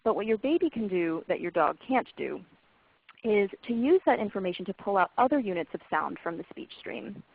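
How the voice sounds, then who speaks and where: A woman presenting a parenting webinar, explaining clearly and encouragingly to parents, in a scripted lecture style. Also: mid-range voice. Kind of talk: scripted lecture on language development. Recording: phone-like narrow band webinar audio.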